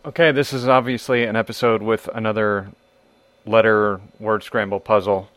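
A man's voice: fairly low pitch, level tone, normal speed, fairly bright tone, dry recording. Dude hosting his podcast, wry and joking around, swears a lot, dry close mic. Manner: wry, irreverent, swears casually. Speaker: podcast host. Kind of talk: casual podcast monologue.

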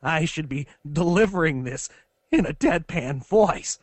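Man, giggly mock-commanding promo read, a bit high, dry. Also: animated, measured pace, dry recording.

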